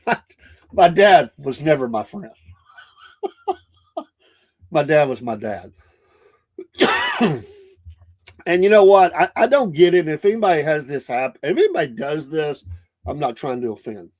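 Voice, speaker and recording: Southern podcast host, middle-aged man, folksy rambling storyteller, voice sits a bit high. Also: big pitch swings, measured pace, long pauses. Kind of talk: casual monologue.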